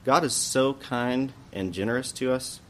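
A man's voice: mid-range voice, unhurried, a little hiss or hum, natural voice. Eve, a trusting first woman, as a male teacher reads her reply. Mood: earnest.

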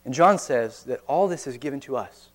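A man's voice: medium pitch, animated, moderate pace. A man preaching a sermon in an earnest, conversational way, often asking his listeners rhetorical questions. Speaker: pastor.

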